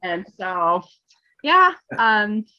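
A woman's voice: medium pitch, sing-song, drawn-out words. A middle-aged woman from Wyoming, a professor and guest, chatting casually with lots of fillers and "you know". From Wyoming, USA. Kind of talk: casual conversation. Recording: dull lo-fi sound.

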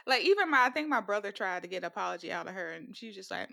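Young woman co-host, casual storyteller, slightly gravelly, very lively pitch, dry close sound. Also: very fast, no echo. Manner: animated storytelling, acts out family quotes. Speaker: podcast co-host. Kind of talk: casual chat.

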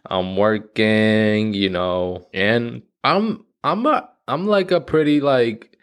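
A man's voice: on the low side, slow, clean tone. A thirty-year-old American man hosting his own podcast, rambling, swearing and mocking himself in casual talk. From United States. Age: 30s. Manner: rambling, profane, self-mocking. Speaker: podcast host. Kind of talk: casual solo podcast monologue.

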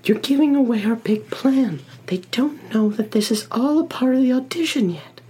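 A woman playing a scheming director who speaks in a hushed, conspiratorial way, in an improvised comedy scene. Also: on the high side, expressive, moderate pace, natural voice.

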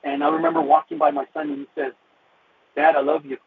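A man telling an emotional personal testimony in a halting way, restarting and repeating his words. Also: fairly high pitch, sing-song, gravelly. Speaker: caller sharing a personal testimony. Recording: tinny phone-like line with faint hiss.

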